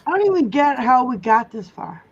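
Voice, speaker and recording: A woman's voice: sits high, very animated, a little fast, slightly rough, highs cut off. Swearing, furious woman livestreamer. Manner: angry, heavy swearing rant. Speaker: livestream host reading viewer comments. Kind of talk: casual livestream chat.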